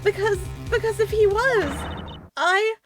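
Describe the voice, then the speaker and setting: Woman playing frightened young woman, shaky pleading confession, pitched well up. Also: unhurried, over music. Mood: distraught.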